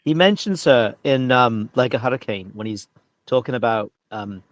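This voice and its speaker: A man's voice: medium pitch, lively intonation, moderate pace, dry recording. A man chatting casually on a podcast, sharing trivia with enthusiasm. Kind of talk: casual chat.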